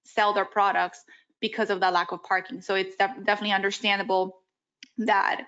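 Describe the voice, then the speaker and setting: A woman at a mid pitch speaks with a voice that is going hoarse. She talks in a measured, conciliatory way at a desk microphone in a municipal meeting room. The audio is slightly dull. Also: level tone, fairly bright tone. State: losing her voice. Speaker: city board member. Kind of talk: public meeting discussion.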